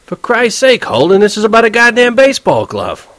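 A man voicing a vain, bossy male prep-school student in an audiobook, with loud scolding outbursts. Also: mid-range voice, lively intonation, quick pace, no room sound, voice pushed up, natural voice. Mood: furious, scolding.

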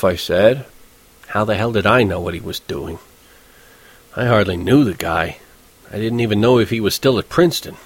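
A man's voice: fairly low pitch, animated, brisk, husky, no room sound. A man reading a first-person novel aloud in a wry, conversational storytelling manner. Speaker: audiobook narrator.

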